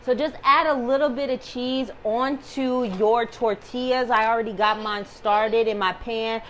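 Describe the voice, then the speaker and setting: A woman's voice: on the high side, fairly even intonation, a little slow, fairly bright tone, echoey room, recorded from a distance, a little hiss or hum, rough recording. A woman hosting a casual home cooking video, chatty and reassuring, calling the viewer baby. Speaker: cooking vlog host. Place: home kitchen.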